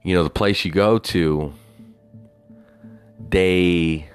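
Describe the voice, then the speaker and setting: A man voicing a bossy woman of about fifty who lectures and scolds her mother, in a low voice. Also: extremely slow, clean tone, faint music behind. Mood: questioning. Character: bossy fifty-year-old woman, quick to anger.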